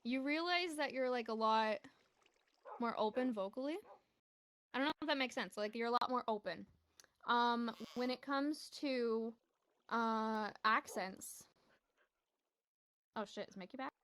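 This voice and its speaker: With a slightly high, clean-toned voice, a young woman keeps up casual chat on her gaming stream. She's excitable and talkative, breaking into laughter often.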